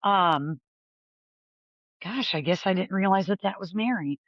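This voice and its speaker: A podcast co-host thinking out loud in casual conversation, wondering and questioning themselves. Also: mid-range voice, unhurried, dry recording, dull audio. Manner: musing, self-questioning.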